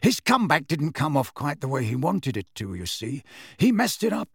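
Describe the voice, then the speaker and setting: A man voicing a grave, knowing adult godfather who explains things in a low voice. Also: big pitch swings, normal speed, breathy edge, dry recording, clean studio sound, heavily acted. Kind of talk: audiobook character voice.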